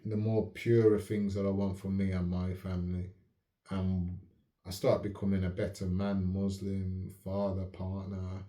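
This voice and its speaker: A man hosting his own channel, talking in a calm, measured, reflective way and often asking if the listener follows. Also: low-pitched. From United Kingdom. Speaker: channel host. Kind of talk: reflective casual talk to camera. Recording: roomy echo.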